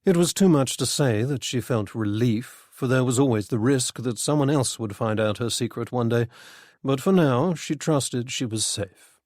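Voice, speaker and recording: A man reading a mystery story aloud as narrator, in a measured, even manner. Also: medium pitch, no room sound, studio quality. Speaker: audiobook narrator.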